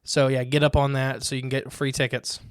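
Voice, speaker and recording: A man's voice: medium pitch, level tone, brisk, clear, resonant tone, no echo, clean studio sound. A man co-hosting a casual podcast, rambling cheerfully through show announcements. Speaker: podcast co-host.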